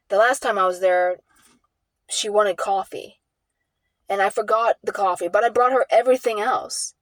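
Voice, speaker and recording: A woman vlogging an emotional personal story in a rambling, halting way, full of restarts and repeats. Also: medium pitch, no room sound.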